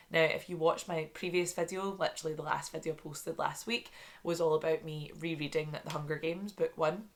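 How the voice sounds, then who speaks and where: A young Scottish woman with a Glasgow accent talks to her viewers in a low, slightly croaky voice, stuffy from a mild cold. She chats quickly and eagerly, sprinkling in plenty of "like" and "literally". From Scotland. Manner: chatty and excitable, many "like"s and "literally"s. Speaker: book vlogger. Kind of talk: casual chat.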